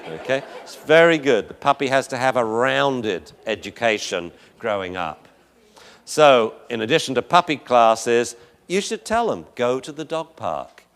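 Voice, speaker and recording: A man giving a lecture on dog behavior while narrating video footage. His pitch swings widely, rising and falling as he talks. He chuckles often and slips into voices for the dogs. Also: big pitch swings, unhurried, fairly bright tone.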